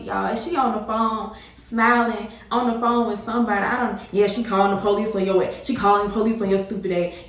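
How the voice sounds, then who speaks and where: A woman's voice: fairly high pitch, distant mic. A woman vlogger telling a personal story to her viewers in a casual, emphatic way, repeating herself and addressing them directly. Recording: very echoey room.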